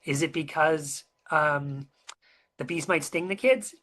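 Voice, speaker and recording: A webinar co-presenter telling a story in a casual, chatty way, filling pauses with um and uh and asking the listener questions. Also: mid-range voice. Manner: chatty and animated, many um and uh fillers, asks the listener questions.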